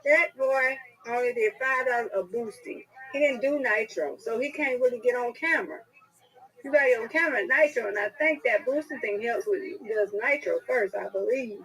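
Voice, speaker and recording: A woman on a video call chatting casually and telling a story in a lively, colloquial way. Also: on the high side, normal speed, poor audio. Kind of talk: casual chat.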